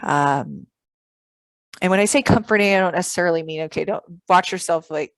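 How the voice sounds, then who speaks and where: Low-voiced woman giving earnest self-care advice. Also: brisk, no room sound. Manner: earnest, reflective, frequent fillers. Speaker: vlogger on emotional self-care. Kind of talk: casual advice monologue to camera.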